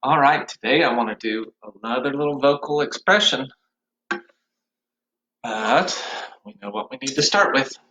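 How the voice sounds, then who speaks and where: A man teaching an online music class for young children, cheerful and encouraging, now and then dropping into high and low puppet voices. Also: lively intonation, moderate pace, pauses often, sharp tone, poor audio. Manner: cheerful, encouraging, speaks to small kids.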